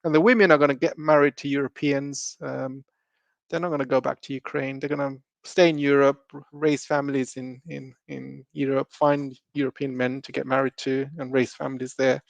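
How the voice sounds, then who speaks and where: A man's voice: medium pitch, level tone, moderate pace, gravelly, dry recording, dull audio. A man hosting a live stream, talking loosely with many ums and restarts.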